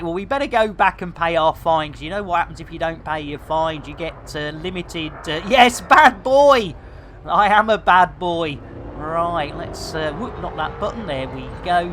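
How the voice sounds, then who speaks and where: A woman chatting casually and jokily to her viewers while she plays a game live, full of slang and quick to laugh. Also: low-pitched, a little hiss or hum. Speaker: game streamer. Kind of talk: casual live-stream chat while playing.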